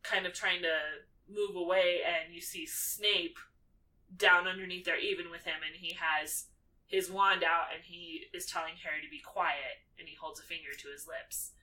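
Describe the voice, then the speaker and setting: Far from the mic with poor audio, a woman whose voice is on the low side talks at a moderate pace. She co-hosts a podcast and casually retells a film's plot, telling it animatedly, voicing characters' lines and using "like" as filler.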